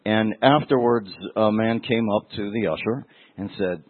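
A man with a lowish, husky voice preaches in a loose, conversational way, telling stories and talking straight to the congregation. The sound is tinny and narrow like a phone line, and the room adds no echo. His delivery is emotional and direct. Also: moderate pace. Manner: emotional, storytelling, addresses listeners directly. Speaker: pastor. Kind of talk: conversational sermon.

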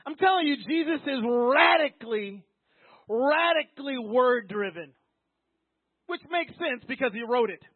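Preacher, male, very high voice, emphatic and repetitive, tinny dry phone-like recording. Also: expressive, a little slow, husky, no room sound. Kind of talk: sermon.

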